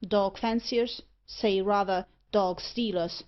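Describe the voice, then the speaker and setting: A woman's voice: medium pitch, steady tone, takes it slowly, close to an everyday voice. A woman voicing a pompous, easily frightened older male merchant in a storybook reading. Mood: stiff. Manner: indignant and stiff. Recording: muffled lo-fi audiobook recording.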